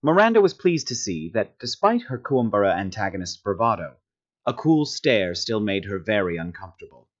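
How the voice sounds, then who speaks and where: A man narrating a science fiction audiobook with steady storytelling. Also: fairly low pitch, brisk, muffled recording. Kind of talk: scripted narration of a sci-fi story.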